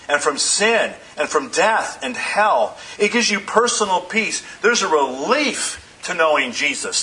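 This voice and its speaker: A man preaching a sermon as pastor, in measured phrases that slow down for emphasis. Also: sits high, pushed and bright, low-quality recording.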